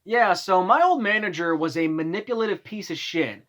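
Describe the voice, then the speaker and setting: A man's voice: sits high, animated, moderate pace, fairly bright tone. A young man vlogging, telling workplace stories in a casual, exasperated rant full of swearing. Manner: profane, exasperated ranting.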